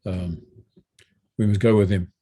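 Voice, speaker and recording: A man's voice: deep voice, unhurried, husky. An older man with a South African accent, a retired army general telling a story animatedly, with many restarts. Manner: animated retelling, many restarts and repeated words. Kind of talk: anecdotal storytelling.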